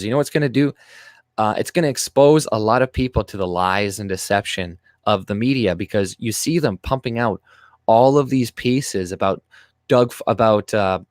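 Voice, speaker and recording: A young man with a lowish voice, French being his first language, hosts a casual livestream in clean studio sound without echo. He reads the chat's comments aloud, ranting with sarcasm and profanity.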